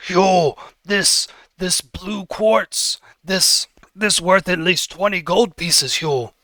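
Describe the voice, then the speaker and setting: Man putting on Billis, an eager high-voiced treasure hunter. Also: takes it slowly, sharp tone, no echo, studio quality, exaggerated voice. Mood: excited, marveling. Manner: eager, marveling, broken grammar. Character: Billis, excitable scholarly treasure-hunting buddy, male.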